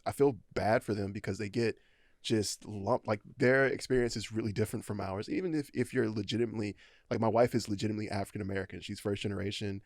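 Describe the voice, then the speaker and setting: A man talking casually on a podcast in a studio, laid-back with lots of fillers, getting animated when he jokes. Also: lowish voice, no echo. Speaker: podcast host. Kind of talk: casual chat.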